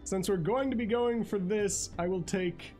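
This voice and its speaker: High-voiced, goofy male game streamer. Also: normal speed, mellow, soft background music. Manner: goofy and jokey, laughs and makes silly noises. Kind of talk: casual gaming commentary.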